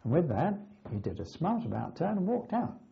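An older man earnestly recounting his wartime flight training, with dramatic pauses. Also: a little high, sing-song, creaky. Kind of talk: oral history recollection. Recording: slightly dull lo-fi recording.

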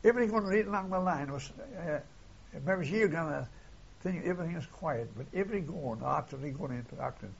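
A man's voice: fairly high pitch, expressive, fairly quick, creaky, husky. An older man recalling wartime events in an oral history interview, rambling and retelling old dialogue, often tagging "see?". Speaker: war veteran interviewee. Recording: dull lo-fi archive tape.

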